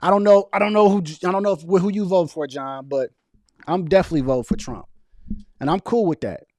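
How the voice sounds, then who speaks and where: A young man speaking casually on a livestream, arguing back at viewers' chat comments in an animated, argumentative way. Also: sits high, a little fast, no room sound, clean studio sound. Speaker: political vlogger reading live chat.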